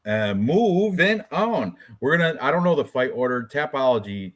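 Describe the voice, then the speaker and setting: A man's voice: medium pitch, big pitch swings, normal speed. A man co-hosting a fight prediction live stream, joking with his co-host and greeting viewers in the chat.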